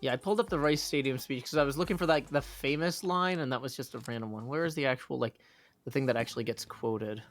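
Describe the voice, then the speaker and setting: A man's voice: mid-range voice, quick pace, soft background music. Easygoing man chatting on a stream. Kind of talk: casual chat on a live stream.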